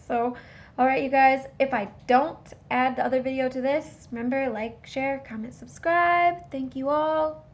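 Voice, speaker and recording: A woman's voice: high voice, unhurried. A woman vlogger telling a rambling personal story straight to her viewers in a casual way.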